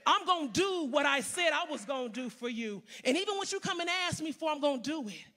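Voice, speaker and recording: A woman preacher voicing God, asking measured questions in a calm tone. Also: high-pitched. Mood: questioning.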